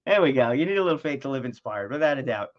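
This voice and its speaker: A man's voice: mid-range voice, lively intonation, racing. A middle-aged man talking casually at home in a rambling vlog, with lots of fillers. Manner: rambling, chatty, frequent fillers and laughs. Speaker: vlogger. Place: home, with a dog nearby. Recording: dull lo-fi audio.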